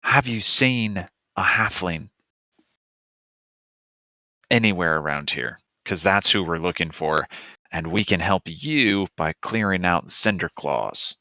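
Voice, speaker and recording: A man playing a tabletop game, speaking in a measured way. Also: low-pitched, lively intonation, pushed and bright, dry recording. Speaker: player. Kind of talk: tabletop role-play.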